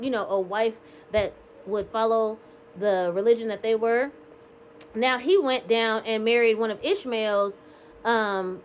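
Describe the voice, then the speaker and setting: A woman's voice: fairly high pitch, lo-fi sound, a little hiss or hum. A woman casually retelling scripture passages in her own words, with lots of "like" and "um", slipping between quoting and paraphrasing. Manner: chatty paraphrase with frequent "like" and "um". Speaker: Bible reading vlogger.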